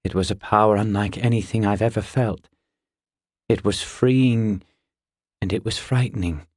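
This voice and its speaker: A man voicing a brooding young warrior in an audiobook, in a low, subdued, weighed-down tone. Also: fairly even intonation, normal speed, a little mellow, no room sound, studio quality, lightly acted. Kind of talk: audiobook character voice.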